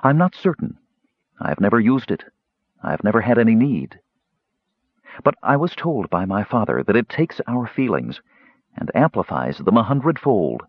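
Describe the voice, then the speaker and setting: A man's voice: on the low side, big pitch swings, moderate pace, long pauses, breathy edge, no echo, lo-fi sound. A man voicing a uneasy, secretive noblewoman counselor in an audiobook, lifting his voice for her. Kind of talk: audiobook character reading.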